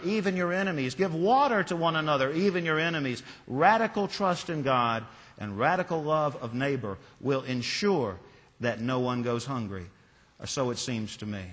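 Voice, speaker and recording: A man preaching a sermon as pastor, telling stories in a measured, deliberate way. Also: mid-range voice, fairly bright tone, long reverb tail. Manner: measured, storytelling delivery.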